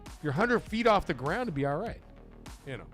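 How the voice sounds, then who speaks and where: A man hosting a live gaming stream, telling a story in a swearing, animated way, getting loud and then dropping quiet. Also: fairly high pitch, brisk, faint music behind. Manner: animated, profane, swings loud and soft for effect.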